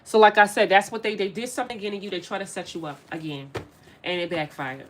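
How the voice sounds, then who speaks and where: A lowish-voiced woman talks fast and animatedly through a casual spiritual tarot reading, addressing her viewers directly and emphatically repeating phrases. Slight background noise is present.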